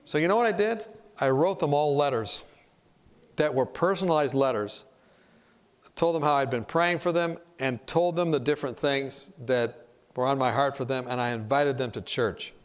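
A man teaching a class as a preacher speaks in a direct, conversational style, telling stories and putting questions to his listeners. His voice sits in the mid-range and keeps a moderate pace.

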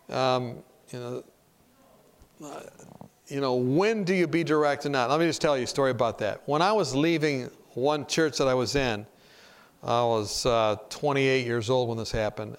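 A man preaching in a conversational way, telling stories and asking his listeners questions. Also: medium pitch. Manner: direct, storytelling, asks the audience questions. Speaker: preacher teaching a class.

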